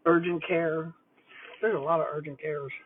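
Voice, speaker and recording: A woman's voice: sits low, steady tone, moderate pace, slight background noise. Older woman, retired principal type, rambling and chatty while eating; thin phone-quality sound. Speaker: retired school principal vlogger. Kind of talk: casual livestream chat over lunch. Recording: tinny phone-like dry audio.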